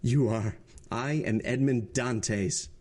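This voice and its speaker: A man voicing a cold, calm, vengeful nobleman in disguise in a storybook reading, speaking in a measured, solemn way. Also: medium pitch. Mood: grave.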